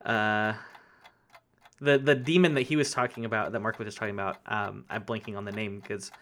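A man's voice: on the low side, fairly even intonation, brisk, a bit bright. A man playing a trivia game with friends, hesitant and self-doubting as he thinks aloud. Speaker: quiz contestant. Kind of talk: casual game chat.

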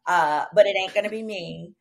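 A woman with a Southern American accent telling a personal story as a podcast guest, animated and profane, acting out quoted dialogue. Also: mid-range voice, moderate pace, vocal fry. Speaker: podcast guest, attorney and comedian. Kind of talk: casual storytelling chat.

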